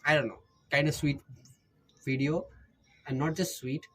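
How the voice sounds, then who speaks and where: A man's voice: fairly high pitch, steady tone, unhurried, fairly bright tone, slight background noise, rough recording. A man with an Indian accent, rambling jokily through casual recommendations as a YouTuber and often correcting himself. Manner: rambling, jokey, self-correcting.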